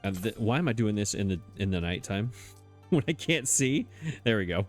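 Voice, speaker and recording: A man's voice: lowish voice, lively intonation, normal speed, soft background music. A man hosting a let's play, thinking aloud in a chatty, puzzled way and poking fun at his own mistakes. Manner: self-mocking, chatty. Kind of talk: casual gameplay commentary.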